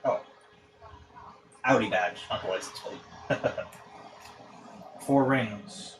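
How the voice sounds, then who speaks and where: Man, unhurried and slightly low-voiced, rambling stream host; clear background noise. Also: low-quality recording. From United States. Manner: relaxed, rambling, talks to chat while working. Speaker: live-stream host building models. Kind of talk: casual live-stream chat. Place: hot apartment.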